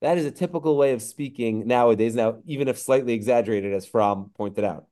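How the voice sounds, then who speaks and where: A man's voice: mid-range voice, warm tone. Reflective man teaching online. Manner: reflective, stretches quoted phrases slowly, frequent fillers. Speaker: rabbi teaching a class. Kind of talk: online lecture. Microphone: computer mic on a video call.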